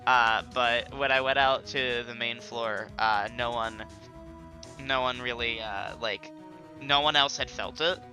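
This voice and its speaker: A man's voice: medium pitch, fairly even intonation, unhurried, pushed and bright, soft background music. A young man casually commenting on a game he is playing, making jokes and chuckling at his own asides. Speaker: Let's Play host.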